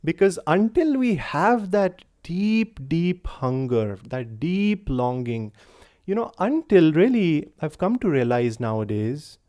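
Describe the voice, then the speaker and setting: A young man with an Indian English accent giving an earnest satsang talk, retelling a story with gentle pauses. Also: on the high side, big pitch swings. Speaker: spiritual teacher.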